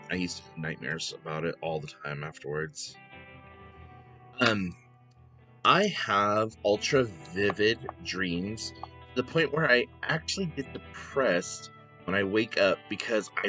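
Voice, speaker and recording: A soft-spoken man in his thirties chatting casually as a vlogger, hesitant and full of fillers and restarts. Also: sits low. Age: 30s. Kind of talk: casual chat to camera.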